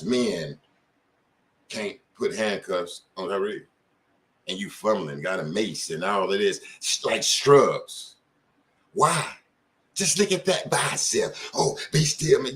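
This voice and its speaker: A man's voice: lowish voice, fairly bright tone. Middle-aged male host, impassioned informal commentary, keeps asking pointed questions. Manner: informal street talk. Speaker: channel host. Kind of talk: casual commentary to camera.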